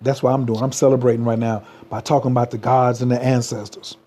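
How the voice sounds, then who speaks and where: A man's voice: medium pitch, level tone, fast talker, warm tone. A man, giving a motivational livestream talk as a spiritual coach, repeating slogans and urging viewers to type them.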